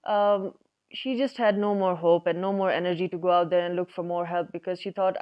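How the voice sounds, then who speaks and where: Woman storyteller, relaxed, conversational, folk tale, smooth voice, dull lo-fi recording. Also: lowish voice, a little fast. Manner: relaxed, conversational, many fillers.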